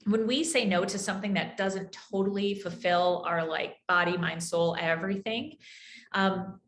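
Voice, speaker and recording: A woman's voice: medium pitch, normal speed, fairly bright tone. Woman podcast host, enthusiastic, agreeable, echoey room. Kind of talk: podcast interview.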